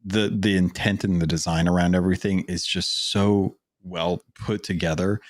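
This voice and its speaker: Low-voiced man chatting about games. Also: fairly even intonation, normal speed, no room sound, studio quality. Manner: rambling, many fillers and restarts. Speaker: podcast co-host. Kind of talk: casual gaming chat.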